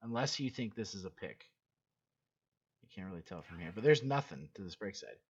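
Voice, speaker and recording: Blunt low-voiced coach breaking down film. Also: male voice, expressive, fairly quick, slightly rough. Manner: blunt, swears casually, repeats himself. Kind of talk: casual game film breakdown. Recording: dull lo-fi recording.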